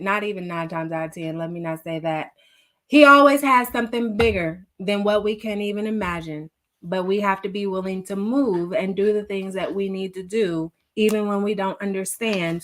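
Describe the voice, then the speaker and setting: A woman hosting a live devotional, earnest and tearful, talking directly to her viewers. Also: medium pitch. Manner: earnest, emotional, reads viewer comments aloud. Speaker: devotional livestream host. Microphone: livestream.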